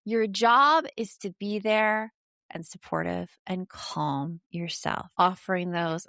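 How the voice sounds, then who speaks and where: A woman's voice: fairly low pitch, slow pace, pushed and bright, no echo, studio quality. Woman host giving direct parenting advice. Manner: direct, speaks straight to the listener. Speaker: podcast host. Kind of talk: casual parenting advice talk.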